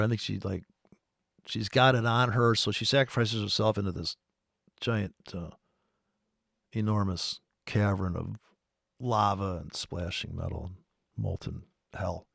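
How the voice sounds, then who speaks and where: A man streaming about forex trading, ranting in a rambling, profane way with sudden loud outbursts. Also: medium pitch, gravelly, dry recording, studio quality.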